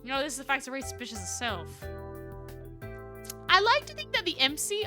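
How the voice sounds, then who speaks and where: A woman streaming a story game live, reading its text aloud and joking with her chat in an animated way. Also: high-pitched. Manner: animated, jokey, talks to chat.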